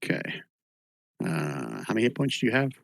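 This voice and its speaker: A man's voice: on the low side, wildly swooping pitch, moderate pace, gravelly, fairly bright tone, no echo. A man running a tabletop game session, narrating rooms loosely with fillers and calling for rolls. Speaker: game master.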